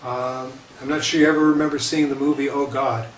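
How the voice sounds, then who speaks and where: A man's voice: medium pitch, little pitch movement, fairly quick. A man, a rabbi, giving a lecture with light humor, talking conversationally and often checking in with "okay?" and repeating himself. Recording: roomy echo, distant mic, faint hiss.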